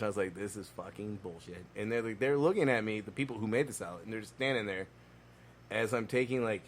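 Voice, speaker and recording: A man talks casually and profanely, throwing himself into every story. His pitch sits mid-range, and a faint hiss of background noise runs under the recording. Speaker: podcast co-host. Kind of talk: casual chat.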